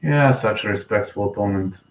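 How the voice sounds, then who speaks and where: A young man giving live, emotional fan commentary on a fight, excitable and often repeating himself. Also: lowish voice, brisk. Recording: roomy echo.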